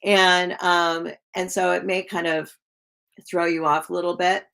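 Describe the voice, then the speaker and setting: A woman giving live-stream tarot readings in a chatty, gushing way, full of likes and ums and quick laughs. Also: on the low side, level tone, creaky. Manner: chatty, warm to viewers, laughs often. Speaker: tarot reader.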